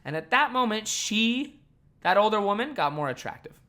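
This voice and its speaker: A man hosting a podcast, telling a work story in a heated, profane rant that swings between loud outbursts and low muttering, laughing at himself along the way. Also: big pitch swings, normal speed. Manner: self-deprecating, laughs at himself. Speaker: podcast host. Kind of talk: casual ranting monologue.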